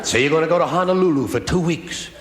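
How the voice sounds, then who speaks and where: A man's voice: on the high side, quick pace, a bit bright. A man performing a stand-up routine with a wry, rhythmic delivery built on repeated lines. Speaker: stand-up comedian. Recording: roomy hall recording with hiss.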